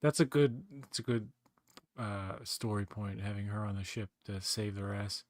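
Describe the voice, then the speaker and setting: A man co-hosting a casual movie commentary, blunt and joking, breaking into quick silly voices. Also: on the low side, dry recording, studio quality. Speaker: podcast co-host.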